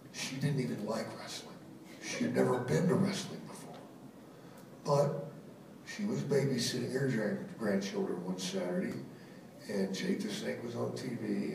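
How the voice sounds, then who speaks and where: A man's voice: fairly low pitch, darkish tone. A middle-aged man telling wry, profane stories as a former wrestler at a live question-and-answer event. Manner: gruff, profane, wry storyteller. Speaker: retired wrestler at a Q&A. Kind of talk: storytelling at a live Q&A. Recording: echoey hall, voice from far off, noisy.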